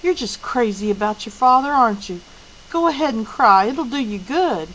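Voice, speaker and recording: Gentle teasing teen boy, read by a woman, lively voice. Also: on the high side, normal speed, dull audio, slight background noise, voice pushed up.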